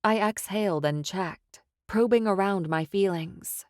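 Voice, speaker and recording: Woman reading fantasy audiobook, first person, steady and expressive, dry studio sound. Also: medium pitch, unhurried, few pauses, dry recording. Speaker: audiobook narrator.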